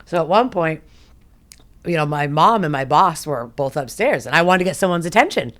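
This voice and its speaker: A woman guest on a podcast, telling her story in casual chat, animated and profane, laughing often and acting out what people said. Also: low-pitched, moderate pace.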